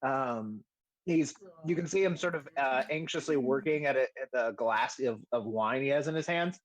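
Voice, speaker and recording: A man's voice: mid-range voice, normal speed, rough recording. A man narrating as game master of a tabletop game, casual and hesitant with frequent fillers. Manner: casual, hesitant with many ums.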